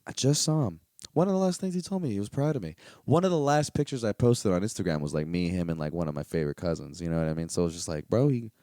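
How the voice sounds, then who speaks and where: A young man hosts a solo podcast, delivering a casual monologue that is rambling, candid, profane, and full of fillers. His voice is lowish and dark, recorded at studio quality with no echo.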